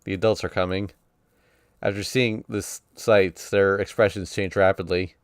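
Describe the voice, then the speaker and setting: A man's voice: low-pitched, fairly even intonation, moderate pace, no room sound, studio quality. A man reading a visual novel aloud on stream, narrating casually in the first person. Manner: casual first-person narration that voices sound effects playfully.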